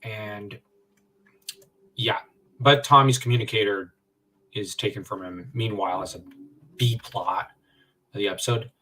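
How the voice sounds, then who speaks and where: A man's voice: lowish voice, steady tone, unhurried, pauses often, pushed and bright. A man co-hosting a livestream in casual fan discussion, rambling with many fillers and restarts, getting worked up at times. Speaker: livestream co-host. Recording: distant from the mic.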